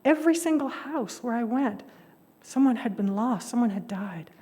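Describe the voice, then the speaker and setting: A woman's voice: fairly high pitch, animated, moderate pace, warm tone, natural voice. A woman voicing a humble, earnest middle-aged village woman who has lost her son, in an echoey hall. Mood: distressed.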